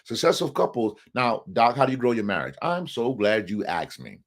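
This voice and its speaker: Animated male host, lively pitch. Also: moderate pace. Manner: emphatic, repeats questions to viewers. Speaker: host of a live relationship show. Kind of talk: live talk on marriage, preacher-like.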